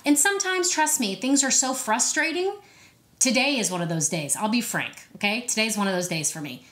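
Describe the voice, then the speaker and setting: A woman's voice: fairly high pitch, expressive, a little fast, fairly bright tone. A woman in her thirties hosting a casual motivational talk to camera, chatty and upbeat, acting out inner voices playfully. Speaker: host of a self-help video series.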